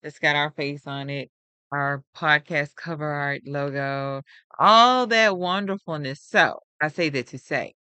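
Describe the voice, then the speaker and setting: A woman's voice: sits low, a little slow, sharp tone, clear, resonant tone, no echo. A woman co-hosting a podcast in casual, upbeat chat, laughing often and speaking with emphasis. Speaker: podcast co-host.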